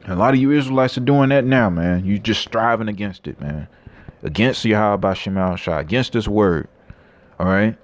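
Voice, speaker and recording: A man's voice: lowish voice, moderate pace. A man preaching and reading scripture aloud, blunt and coarse, tagging lines with "man" and "all right". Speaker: street preacher.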